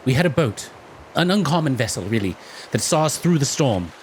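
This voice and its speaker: A man's voice: mid-range voice, sing-song, a little fast, slight background noise. A man playing a tabletop game, speaking politely and a bit hesitantly in character. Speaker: player. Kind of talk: in-character role-play.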